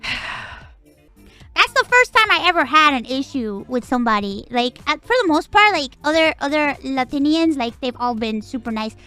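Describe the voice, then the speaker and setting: A woman's voice: high voice, expressive, moderate pace, sharp tone, faint music behind. A woman from Puerto Rico with a Puerto Rican accent, chatting casually as a streamer, rambling, swearing and laughing a lot. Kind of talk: casual chat.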